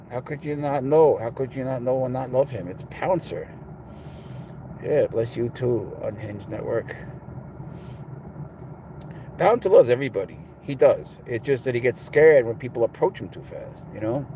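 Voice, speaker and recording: A man's voice: mid-range voice, animated, normal speed, mellow, slight background noise. A man chatting casually in a blunt, sarcastic way, answering viewers' comments on a livestream. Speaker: pet owner streaming to viewers.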